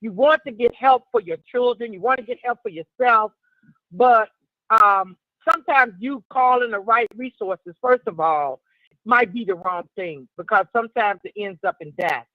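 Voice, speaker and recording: A woman's voice: fairly high pitch, no echo. Woman caller on a dull phone line. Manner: measured, reflective opinions. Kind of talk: call-in radio commentary.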